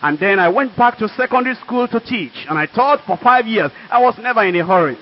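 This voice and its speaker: An older Nigerian man tells his testimony from the pulpit, earnest and emphatic. His voice sits high for a man. The recording is dull and lo-fi. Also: animated, fairly quick. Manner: earnest storytelling with emphatic asides. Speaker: preacher. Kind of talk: sermon testimony.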